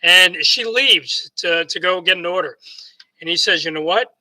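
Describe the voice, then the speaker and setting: Male motivational speaker, New York accent, very bright high voice, rambling storyteller. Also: normal speed, poor audio. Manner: rambling, repeats words and restarts often; acts out both sides of remembered conversations. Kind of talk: casual storytelling monologue.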